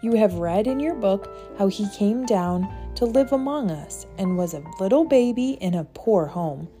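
Soft reverent storybook lady, kind and gentle, low mellow tone, woman reading it. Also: lively intonation, moderate pace, faint music behind, natural voice. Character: kind devout young woman guide.

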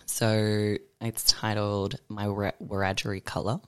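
A young man, chatting animatedly as a podcast guest, swearing freely and reading poems with slow force. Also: fairly low pitch, flat delivery, fairly bright tone, clean tone, dry recording, clean studio sound. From Australia. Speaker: guest artist and poet. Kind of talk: casual podcast chat.

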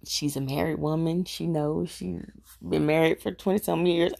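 Middle-aged woman rambling through a family story, gravelly voice, acts out everyone. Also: deep voice, fairly even intonation, moderate pace, mellow. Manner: chatty, repeats herself for emphasis. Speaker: vlogger telling a personal story. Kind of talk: casual storytelling.

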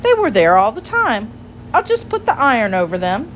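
A woman's voice: fairly high pitch, wildly swooping pitch, normal speed, slight background noise, voice pushed up. A woman reading a storybook aloud and voicing a fussy little female hedgehog washerwoman with a bustling, polite manner.

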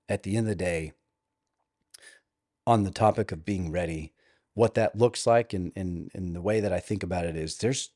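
A man's voice: low-pitched, dark tone, dry recording, studio quality. A man in his thirties co-hosting a faith podcast, talking in an earnest, reflective way. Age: 30s. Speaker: podcast co-host.

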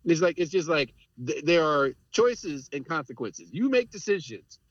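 Earnest, slightly high-voiced middle-aged man. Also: big pitch swings, normal speed, dry recording. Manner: earnest, reflective, laughs between points. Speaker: podcast guest. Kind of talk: candid conversational storytelling. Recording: dry, dull lo-fi audio.

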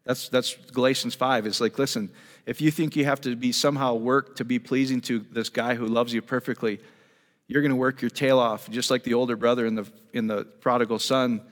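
A man's voice: medium pitch, fairly even intonation, brisk. Guy preaching, all fired up and chatty, lots of "isn't that cool?" questions, church hall with a long echo. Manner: enthusiastic, conversational, full of rhetorical questions. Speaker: pastor. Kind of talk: sermon teaching. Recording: long reverb of a large hall.

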